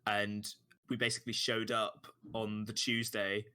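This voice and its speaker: A man's voice: lowish voice, little pitch movement, unhurried, sharp tone, smooth. A young man with an English accent, co-hosting a casual chat, laughing often and acting out what others said. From England. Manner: laughs often, acts out quotes. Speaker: podcast co-host.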